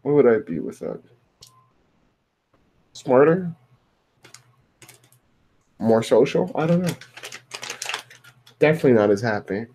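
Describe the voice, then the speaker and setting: Slow-talking man mumbling to himself. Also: medium pitch, lively intonation, dark tone, slightly rough, rough recording. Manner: mumbling, affectionate, self-mocking. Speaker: vlogger. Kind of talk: rambling solo vlog talk.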